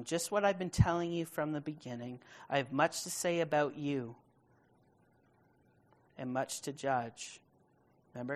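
A woman leading a Bible study, reading scripture aloud and then restating it in casual everyday speech, slowing down to stress key words. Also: sits low. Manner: emphatic, stretches key words slowly. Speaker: Bible teacher.

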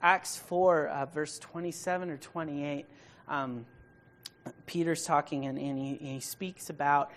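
A woman preaching a sermon, reading scripture and then explaining it, stressing key words and dropping from loud emphasis to hushed tones. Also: deep voice, steady tone, a little slow.

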